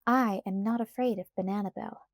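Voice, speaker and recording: A woman's voice: medium pitch, steady tone, normal speed, no echo, studio quality, natural voice. A woman voicing a bold, spirited colonial girl who speaks with confidence in a lightly raised voice. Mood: defiant.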